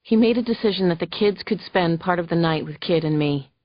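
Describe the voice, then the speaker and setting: A woman narrating a thriller audiobook in the first person, steady and measured. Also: on the low side, no room sound, muffled recording.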